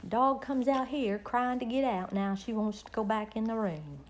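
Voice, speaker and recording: A middle-aged woman talks with her viewers in a rambling, folksy way. Her voice sits a little on the high side. She drifts from one small story to the next as she hosts her live stream. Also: normal speed, slight background noise. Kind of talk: casual chat with viewers.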